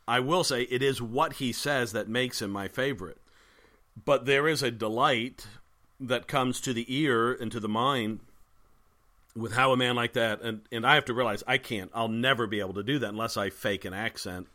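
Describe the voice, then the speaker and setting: A man's voice: medium pitch, moderate pace, pushed and bright. A man who is a pastor talking casually with another pastor, thoughtful and wry, often restarting his sentences. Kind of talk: casual conversation between pastors.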